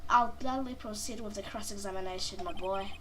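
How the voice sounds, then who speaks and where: A woman's voice: medium pitch, fairly quick, slight background noise, pitched below the performer's own voice, natural voice. A woman voicing an earnest young male defense lawyer in a game, indignant and casual.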